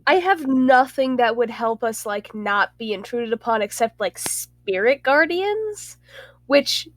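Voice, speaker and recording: A woman's voice: on the high side, sing-song, unhurried. A woman playing a tabletop game, chatting casually and thinking aloud with plenty of fillers. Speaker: player.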